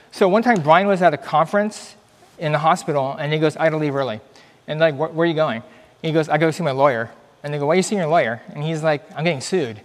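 A middle-aged man, a doctor, giving an earnest, conversational testimony talk at church with animated storytelling. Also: a little high, in a large hall. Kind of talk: church presentation, personal testimony.

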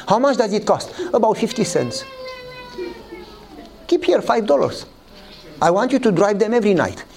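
A man preaching a sermon, telling a story and acting out the dialogue with lively voices. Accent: Eastern European. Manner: animated storytelling, acts out dialogue in a higher voice.

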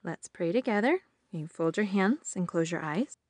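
A woman hosting a children's devotional podcast, telling a Bible story in a slow, sing-song way and asking the children questions. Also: on the low side, animated, a little mellow, dry recording.

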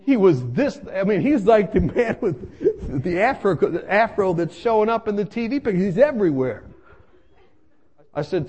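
A man telling a comic personal story in an animated way, acting out voices and laughing as he goes. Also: high-pitched, moderate pace, breathy edge, dull audio.

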